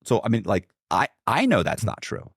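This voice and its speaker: A man's voice: fairly low pitch, huge pitch swings, normal speed, gravelly, husky, dry recording, studio quality. A man guest in a podcast interview, telling a long story animatedly and acting out what others said, with many fillers and restarts.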